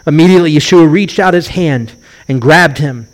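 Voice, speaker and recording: The speaker is a middle-aged rabbi whose sermon unfolds as lively storytelling, with him acting out each quoted voice. His voice sits on the high side at normal speed.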